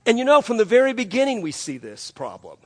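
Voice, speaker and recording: A man's voice: very high-pitched, wildly swooping pitch, fast, fairly bright tone, slightly rough, in a large hall. An older man preaching a sermon as pastor, emphatic and conversational, telling stories to make his point. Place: church sanctuary.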